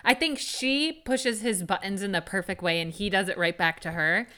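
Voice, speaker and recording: Bright-voiced chatty young woman. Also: medium pitch, normal speed. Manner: chatty, swears, quotes scenes with feeling. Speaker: podcast co-host. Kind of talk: casual TV recap chat.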